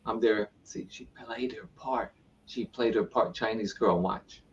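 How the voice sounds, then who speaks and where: A man's voice: on the low side, measured pace, recorded from a distance, lo-fi sound, a little hiss or hum. A man, a spiritual teacher and guest, telling his story animatedly and acting out what people said to him. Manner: retells events with repeated "I go" and acted-out quotes.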